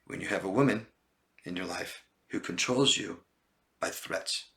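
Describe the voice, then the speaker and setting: Emphatic man coaching live, bright voice. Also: deep voice, a little slow. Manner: emphatic, repeats lists of words and asks "okay?". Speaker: relationship coach. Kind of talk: live-stream Q&A, reading and answering viewer comments.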